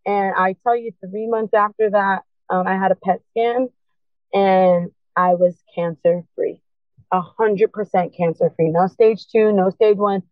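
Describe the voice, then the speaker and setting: A woman's voice: medium pitch, steady tone, measured pace, dry recording. Impassioned woman over a tinny line. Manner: earnest, impassioned, urgent encouragement. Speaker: guest. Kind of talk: emotional personal testimony. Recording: tinny phone-line sound.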